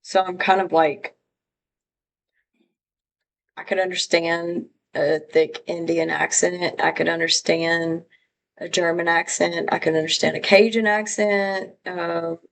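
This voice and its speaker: A woman's voice: fairly low pitch, little pitch movement, slow, vocal fry, poor audio. A woman from Louisiana hosting a live stream, chatting casually and rambling as she greets viewers by name.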